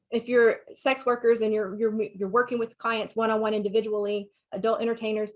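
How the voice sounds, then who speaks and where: Southern-accented woman giving frank advice. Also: fairly high pitch. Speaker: sex therapist speaker. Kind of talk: online talk answering questions.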